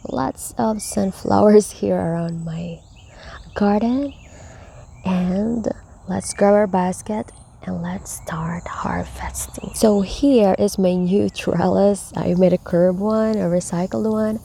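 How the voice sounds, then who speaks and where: Slow, gravelly, soft-spoken woman gardener. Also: medium pitch, a little hiss or hum. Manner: soft-spoken, slips into whispers, many fillers. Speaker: gardening vlogger. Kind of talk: casual harvest walkthrough. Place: outdoor backyard garden. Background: crickets and insects.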